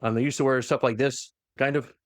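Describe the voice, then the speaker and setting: The recording is dry, clean studio sound, carrying a man's mid-range voice as he casually goes over a novel's lore. As a podcast co-host retelling the story, he animatedly acts out characters' lines in quick voices.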